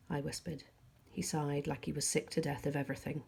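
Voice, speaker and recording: Teacher lady reading a chapter book aloud, low and husky, calm. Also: fairly quick.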